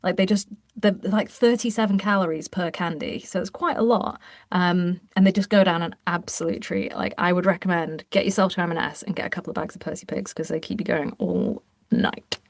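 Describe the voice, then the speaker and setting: A woman's voice: fairly low pitch, fairly even intonation, a little fast, no echo, studio quality. An English woman chatting as a podcast guest, emphatic and talkative, with a casual swear now and then. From England. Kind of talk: casual chat.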